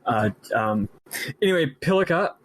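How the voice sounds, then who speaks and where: A man's voice: fairly high pitch, animated, no echo, poor audio. A man hosting a podcast, casually recapping a story game in a rambling way. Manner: rambling, lots of fillers and quick paraphrased quotes. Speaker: podcast host.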